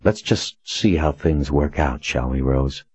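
A man voicing a calm, controlled male customer who speaks in a measured, understated way. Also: extremely low pitch, husky, no echo, highs cut off, full character voice. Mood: cool.

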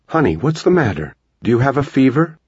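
A man's voice: mid-range voice, sing-song, brisk, darkish tone, husky, dry recording, highs cut off, pitched above the performer's own voice. A man voicing a tired, worried mother of an eleven-year-old boy. She sounds anxious and pleading.

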